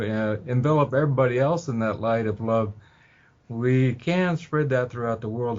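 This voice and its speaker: A man guesting on an interview show speaks calmly at an even middle pitch. He talks slowly, filling gaps with uhs and soft laughs. The sound is dull and lo-fi. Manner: unhurried, many ums and uhs, soft laughs. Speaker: guest spiritual teacher. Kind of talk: relaxed interview talk. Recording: dull lo-fi audio.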